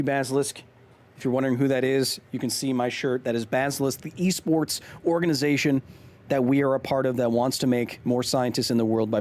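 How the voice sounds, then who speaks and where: A man's voice: mid-range voice, darkish tone. A man in his thirties hosting a casual live stream, joking while reading chat aloud. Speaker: streamer and host.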